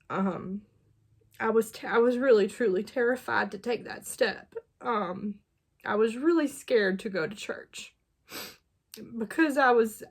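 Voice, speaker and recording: A woman in her thirties, host of her own channel, telling her faith story in a chatty, candid way, with many fillers, restarts and little laughs between thoughts. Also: medium pitch. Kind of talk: casual confessional storytelling.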